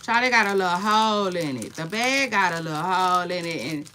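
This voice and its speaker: Animated, bright-voiced woman gossiping live. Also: fairly low pitch, a little hiss or hum. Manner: animated, playful, frequent "child" and quick laughs. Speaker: live-stream commentator. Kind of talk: casual live-stream gossip chat.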